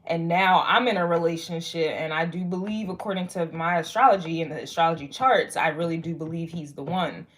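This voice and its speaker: A young woman giving a casual spoken astrology reading to viewers, rambling and frank, swearing freely and filling pauses with "like" and "um". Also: on the low side. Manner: rambling, frank and profane, lots of fillers. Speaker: tarot and astrology reader.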